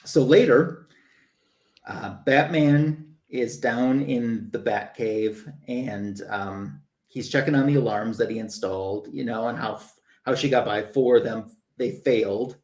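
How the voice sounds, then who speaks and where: Chatty man with a gravelly voice. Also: mid-range voice, unhurried. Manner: animated, chatty. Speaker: comic book show host. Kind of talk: casual story retelling. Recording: roomy echo.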